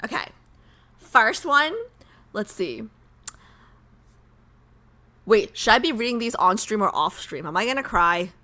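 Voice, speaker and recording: A woman's voice: medium pitch, sing-song, unhurried, long pauses, pushed and bright. A young woman streamer chatting casually on a live stream, nervous and rambling, repeating herself.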